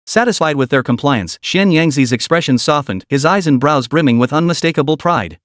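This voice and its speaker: A man giving steady, scripted recap narration of a fantasy story. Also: fairly high pitch, a little fast, few pauses, no echo, clean studio sound.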